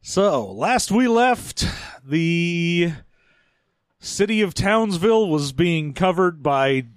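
A man trades quick, playful banter with his co-host and laughs often. His voice sits a little high. The recording is close and dry. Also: animated, smooth, dry recording. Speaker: podcast co-host. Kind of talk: casual chat recapping a story.

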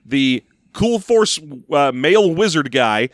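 A man's voice: fairly high pitch, very animated, slow pace, no room sound. A man co-hosting a podcast, chatting casually with dry, sarcastic jokes. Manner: dry, joking, riffs sarcastically. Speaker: podcast co-host. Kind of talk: casual chat.

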